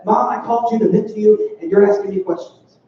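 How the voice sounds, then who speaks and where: The youth pastor, a young man whose voice sits high, talks fast with fairly even intonation during a casual youth sermon, voicing the quotes he relays. Captured in a church hall, the audio is far off, dull and roomy.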